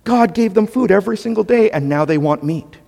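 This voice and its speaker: A man's voice: high voice, lively intonation, brisk, gravelly, warm tone, big-room sound. A man preaching a sermon as pastor, emphatic and conversational, with asides to the congregation.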